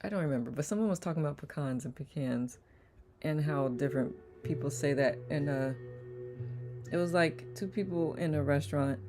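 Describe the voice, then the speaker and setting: Hosting a live online community circle, a woman reads comments aloud in a playful, casual livestream chat, laughing often. She speaks fairly quickly in a low, dark-toned voice over soft background music.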